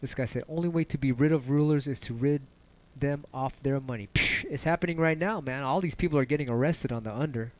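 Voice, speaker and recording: A man's voice: a little fast, slight background noise. A man hosting a casual livestream, talking loosely and passionately, cursing often and rambling between ideas. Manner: animated, jumps in pitch when excited. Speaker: livestream host.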